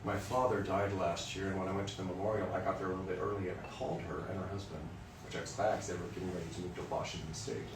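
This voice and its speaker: A man's voice: sits low, little pitch movement, racing, few pauses, background noise. A man from Western Kansas, a voice teacher, lecturing music students in a candid, joking, storytelling way. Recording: roomy sound from a distant mic.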